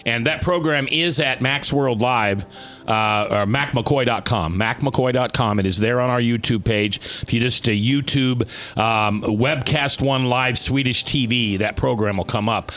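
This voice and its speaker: A man's voice: medium pitch, fairly bright tone, faint music behind. A man hosting a talk radio show, chatting casually, rambling and restarting his sentences, stretching words for emphasis. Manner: rambling, restarts often, drawn-out emphatic phrasing.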